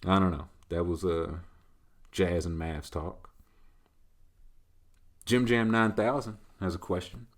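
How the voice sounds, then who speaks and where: A man's voice: low-pitched, fairly even intonation, takes it slowly, pauses often. A man hosting a casual solo chat, answering listener questions in a loose, rambling way. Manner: loose, rambling, conversational, leaning on filler tags. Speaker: host.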